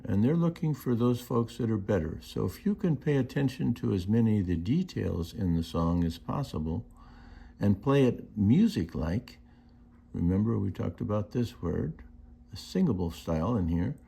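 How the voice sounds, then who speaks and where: A man's voice: fairly low pitch, lively intonation, moderate pace, gravelly, dark tone, breathy edge. A man teaching music, explaining markings and singing out rhythms and counts. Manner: sings rhythms and counts beats aloud. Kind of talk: instructional explanation.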